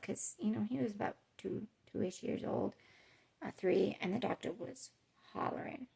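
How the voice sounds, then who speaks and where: A woman's voice: mid-range voice, moderate pace, vocal fry, warm tone. A woman vlogger telling a personal story in an emotional, conversational way with many fillers.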